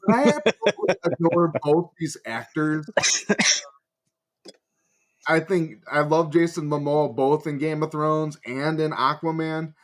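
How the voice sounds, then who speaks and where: A man with a Chicago accent and a fairly high voice leads a casual podcast chat. He is enthusiastic and stumbles over his first words. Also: steady tone, unhurried. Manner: enthusiastic, hesitant starts, leads the topic. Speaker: podcast co-host.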